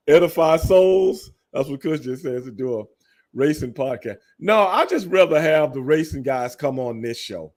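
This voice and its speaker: Middle-aged Texan male podcast host, animated storyteller who laughs often. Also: measured pace, pauses often. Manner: animated storyteller, laughs often, jumps into high excited bursts. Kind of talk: casual chat.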